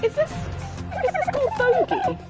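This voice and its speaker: A woman hosting a casual gameplay chat, excitable and gushing, with frequent gasps and squeals. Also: very high voice, measured pace, over loud music. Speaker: gaming channel host.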